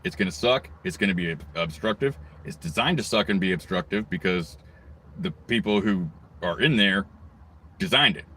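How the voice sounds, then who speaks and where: Rough-talking man, fairly low voice, profane rambling rant. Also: lively intonation, moderate pace, pushed and bright, slight background noise. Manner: angry, crude, rambling, swears constantly. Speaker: vlogger. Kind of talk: profane ranting monologue.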